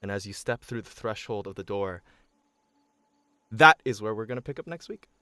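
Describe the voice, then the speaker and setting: A man's voice: fairly low pitch, expressive, normal speed, bright, forceful tone, dry recording, studio quality. A man running a tabletop game on a stream, narrating casually with many fillers.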